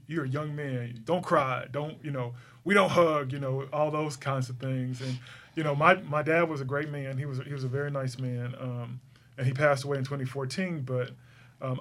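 A man's voice: mid-range voice, fairly bright tone. A middle-aged man hosting a casual interview, talking earnestly and emotionally with many restarts. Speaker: host.

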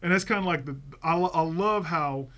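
Man, podcast co-host, casual movie talk, a bit high voice, animated. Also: brisk. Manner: animated, acts out film lines. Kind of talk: casual movie review chat.

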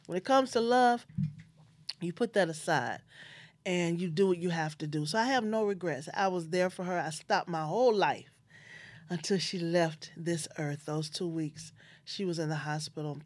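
Female host, low-pitched, earnest and heartfelt, shares a personal story, dry and close. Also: no echo. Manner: heartfelt, earnest, quotes others with feeling.

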